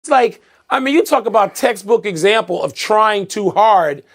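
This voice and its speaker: A man co-hosting a sports talk show, dismissing claims with animated incredulity. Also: high voice, normal speed. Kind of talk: sports debate.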